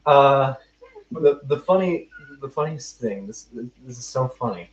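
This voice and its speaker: In a roomy space with a distant, muffled microphone, a young American podcaster rambles through a self-deprecating story among friends, frequently starting sentences over. His mid-range voice is expressive and a little slow.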